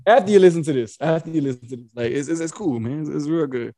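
A man, co-hosting a casual podcast and telling an animated story, switching into a slow, bossy voice when he quotes himself. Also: a little high. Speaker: podcast co-host.

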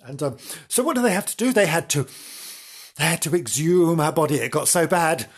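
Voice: mid-range voice, animated, fairly quick, breathy edge. A podcast host telling a ghost story in a theatrical, gasping way, often repeating words and breaking off mid-sentence. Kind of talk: casual ghost-story narration.

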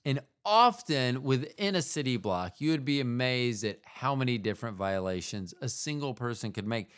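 A man's voice: mid-range voice, animated, normal speed, clean tone. A man from the United States hosting a podcast, talking in a meandering, self-mocking monologue that keeps trailing off into asides. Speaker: podcast host. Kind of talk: rambling casual monologue.

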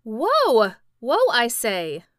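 Woman reading as a young boy, excitable, loud exclaiming, smooth, dry. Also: mid-range voice, unhurried, no echo. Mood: shouting.

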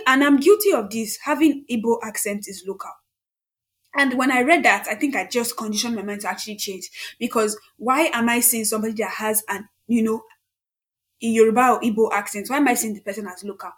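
A young woman talks in a casual podcast chat. Her voice sits fairly high, and she presses her points hard, repeating them for stress. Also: brisk, fairly bright tone. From Nigeria. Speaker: podcast co-host.

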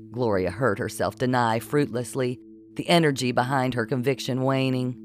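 A man's voice: medium pitch, normal speed, no echo. Male audiobook narrator, dry recording. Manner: steady storytelling.

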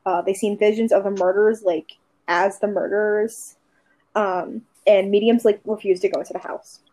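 Mellow-voiced woman chatting casually. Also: medium pitch, fairly even intonation, normal speed, poor audio. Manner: rambling, many "like" fillers. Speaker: podcast co-host. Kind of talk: casual chat.

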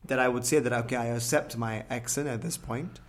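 A man's voice: mid-range voice, fairly even intonation, brisk. A man from Singapore with a Singaporean English accent, talking casually and thoughtfully, often repeating words as he searches for them. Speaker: rapper and podcast guest. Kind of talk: casual chat.

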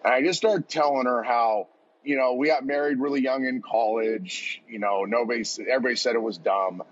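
A football coach in his forties, appearing as a podcast guest, tells a heartfelt personal story in an earnest, rambling way, restarting often. His mid-range voice is fairly quick, and the lo-fi audio is dull.

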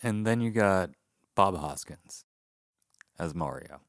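A man with a very low voice on a comedy podcast, rattling through a film's plot in a wry, sarcastic way. The sound is close and dry, with no room around him. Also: expressive, slow pace, no echo. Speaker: podcast co-host. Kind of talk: casual comedic movie review chat.

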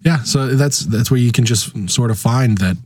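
Man, husky, low, dry close sound, casual political talk, animated quoting. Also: normal speed, no room sound. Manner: animated, acts out quoted voices with big pitch jumps.

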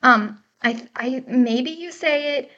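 A chatty American woman talks casually about a book, laughing often and fumbling good-naturedly over tricky pronunciations. Her voice sits fairly high. The recording is dull and lo-fi, as from a cheap podcast mic. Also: slow, pushed and bright.

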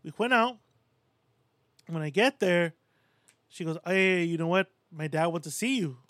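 A man's voice: high voice, animated, unhurried, a bit bright, no echo, clean studio sound. A man in his thirties co-hosting a podcast, telling crude stories with lots of swearing and quoted voices. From Puerto Rico. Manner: profane storytelling, mimics people in quotes. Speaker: podcast co-host. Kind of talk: casual chat.

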